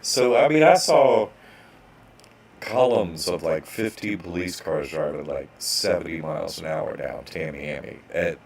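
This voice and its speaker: A man's voice: low-pitched, vocal fry, a little hiss or hum. A man casually telling a rambling story as an online course instructor, restarting sentences and acting out bank clerks.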